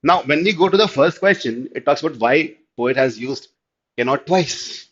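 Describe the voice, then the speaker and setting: A man with an Indian English accent teaching an online class, explaining step by step and often asking whether it is clear. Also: on the high side, animated, normal speed, a bit bright. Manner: explanatory, checks understanding with repeated "clear?", mixes in Hindi. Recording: slightly dull lo-fi audio.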